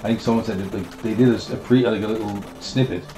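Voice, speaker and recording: A man's voice: lowish voice, fairly even intonation, quick pace. A man with a Newfoundland accent chatting casually on a game stream, often repeating words as he starts a sentence. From Newfoundland, Canada. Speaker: guest co-host. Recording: echoey room with game music.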